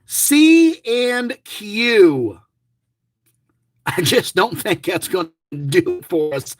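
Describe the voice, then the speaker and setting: High-voiced, rambling middle-aged man. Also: sing-song, drawn-out words, no echo. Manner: rambling, chatty, grumbling, jokey. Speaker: lottery scratch-off vlogger. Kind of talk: casual running commentary to viewers.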